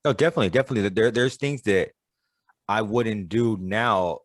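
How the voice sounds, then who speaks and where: A man's voice: fairly low pitch, normal speed, no echo, studio quality. A man hosting a podcast, talking candidly and bluntly with lots of cursing and stammered restarts. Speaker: podcast host. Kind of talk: casual interview conversation.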